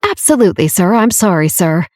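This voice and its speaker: A woman's voice: mid-range voice, big pitch swings, a little fast, a little mellow, no echo, lightly acted. A woman voicing a vile, vindictive male manor doorman who sneers at visitors, read in a dry, close audiobook voice. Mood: nervous. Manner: sneering, leering, then cowed.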